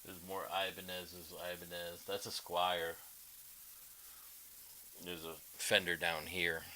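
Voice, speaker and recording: A man's voice: low voice, level tone, slow pace, sharp tone, a little hiss or hum, rough recording. A man guitarist chatting casually on a live stream, rambling, greeting viewers and showing licks. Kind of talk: casual livestream chat.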